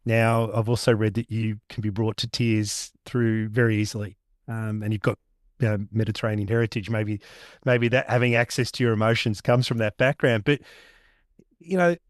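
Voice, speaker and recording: A man's voice: on the low side, fairly even intonation, normal speed, no echo, clean studio sound. Thoughtful host in his fifties. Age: 50s. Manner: conversational, thoughtful, long-winded questions. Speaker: podcast host. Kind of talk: interview questions.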